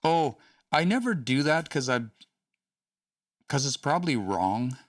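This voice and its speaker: A man's voice: medium pitch, big pitch swings, unhurried, no room sound, clean studio sound, recorded from a distance. A man hosting a casual study session, thinking aloud with hesitant restarts and small chuckles. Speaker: host studying a language.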